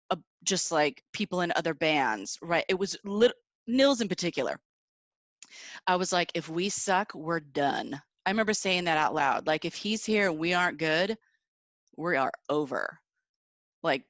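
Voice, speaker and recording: A middle-aged woman from the Seattle area, a guest musician, telling stories in a chatty, animated way and laughing often. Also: lowish voice, no room sound. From Seattle area, USA. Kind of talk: casual interview storytelling.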